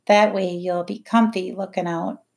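A woman's voice: on the low side, steady tone, creaky, darkish tone. A woman reading as a cruel scornful mother. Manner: heavy, cold, slow threats. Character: harsh bitter cockney mother, cruel.

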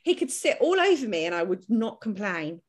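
A woman's voice: mid-range voice, sing-song, normal speed. A woman in casual chat, giggly and exclamatory.

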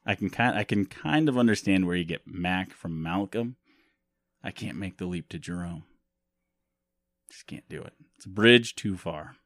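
Joking low-voiced male podcast host. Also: animated, moderate pace, fairly bright tone, dry recording. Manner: joking, rambling, laughs often. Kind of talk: casual podcast chat.

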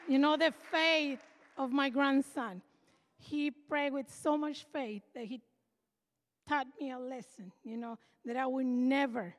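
High-voiced older woman giving testimony. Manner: earnest, emotional storytelling. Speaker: church member giving testimony. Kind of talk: personal testimony. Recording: reverberant hall.

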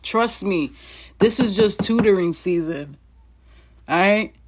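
A woman's voice: medium pitch, slow pace, slight background noise. A woman reading Bible passages aloud and breaking off into chatty asides to her listeners, often laughing as she goes. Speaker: Bible teacher. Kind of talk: casual Bible reading with commentary.

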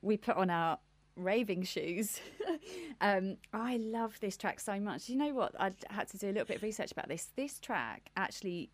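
A woman's voice: medium pitch, expressive, moderate pace, dry recording. A woman co-hosting a podcast, chatting casually about music with lots of laughs and enthusiasm. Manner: giggly, enthusiastic, rambling. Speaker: podcast co-host.

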